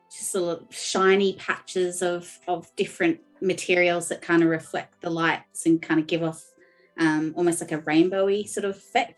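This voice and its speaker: A woman playing in a tabletop game, chatting about her character in a slightly low voice. She keeps talking with plenty of fillers, and faint music runs behind her. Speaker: player. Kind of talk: describing her character in casual chat.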